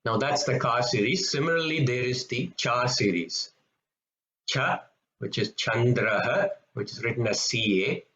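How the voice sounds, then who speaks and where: A man teaching pronunciation in a patient lesson, slowly repeating each example sound. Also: medium pitch, sharp tone. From Tamil-speaking background, South India. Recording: echoey, slightly dull room recording.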